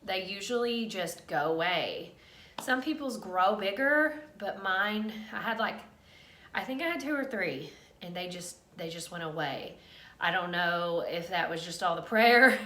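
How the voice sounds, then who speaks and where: A woman's voice: on the low side, lively intonation, a little slow, pushed and bright, slight background noise. A woman vlogger casually telling a candid, emotional personal story to camera. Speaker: vlogger sharing a pregnancy update. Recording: roomy echo.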